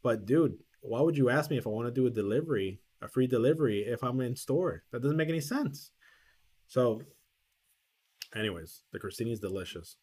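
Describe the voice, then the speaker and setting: A man's voice: mid-range voice, expressive, fairly quick, a little mellow, slightly rough. A man co-hosting a podcast, telling a long anecdote in casual chat, with lots of restarts and acted-out quotes. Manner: rambling storyteller, lots of restarts and quoted dialogue. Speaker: podcast co-host.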